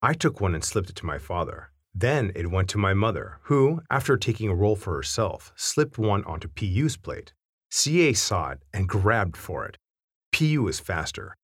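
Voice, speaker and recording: A man reading a family anecdote aloud with wry, animated storytelling. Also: on the low side, moderate pace, husky, no room sound, studio quality.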